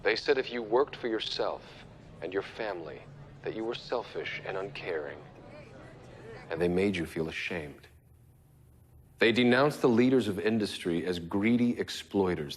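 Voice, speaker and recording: An actor playing a defiant male rebel leader giving a solemn, measured speech to a nation in a dramatic film. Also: low voice, slightly rough.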